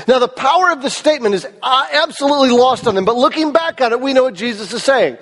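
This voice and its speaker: A man's voice: extremely high pitch, expressive, quick pace, few pauses, a bit bright. A male pastor preaching an earnest, emphatic sermon, his voice cracking at times and putting questions to the congregation. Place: church service hall. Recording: long reverb of a large hall.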